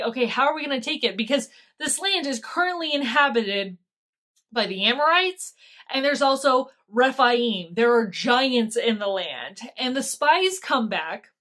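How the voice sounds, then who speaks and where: A woman teaching a casual Bible study, retelling the story in a chatty, animated way with slang. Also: fairly high pitch.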